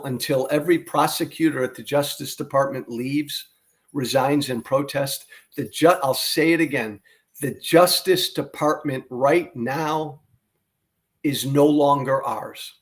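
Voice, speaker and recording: A man hosting a political podcast, delivering a fervent, blunt monologue full of profanity and repeated phrases for emphasis. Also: mid-range voice.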